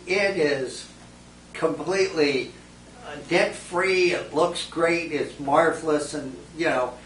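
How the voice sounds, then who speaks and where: A man moderating a focus group, posing questions and calling on people by name, heard from a distance in a roomy space. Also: mid-range voice. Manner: poses questions, then calls on people by name. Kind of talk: guiding a group discussion. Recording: roomy distant recording with faint noise.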